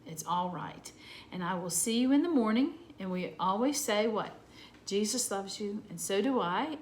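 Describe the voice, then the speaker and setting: Gentle teacher talking to kids. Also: female voice, mid-range voice, lively intonation. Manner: gentle, slow, talking to children. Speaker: preschool teacher. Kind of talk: lesson for young children.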